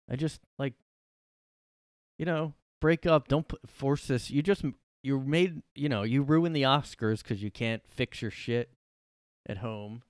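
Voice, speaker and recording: A man's voice: mid-range voice, no echo, studio quality. Profane ranting young man. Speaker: podcast host. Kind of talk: solo ranting commentary. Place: his room.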